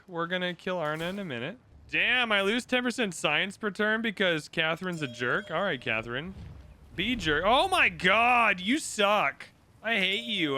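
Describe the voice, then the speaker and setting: A man's voice: a little high, sharp tone. A young man casually commentating a strategy game for his channel, playful and mock-outraged, joking with his viewers. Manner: playful, mock-outraged, jokey asides to the audience. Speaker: gaming YouTuber.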